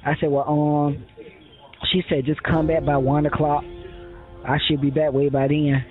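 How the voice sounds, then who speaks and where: Man, interviewee fairly high voice, rambling, full of fillers and restarts, heard over a tinny phone line with faint music. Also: flat delivery, moderate pace. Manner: rambling, quotes others, many fillers and restarts. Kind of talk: telling his story in a phone interview.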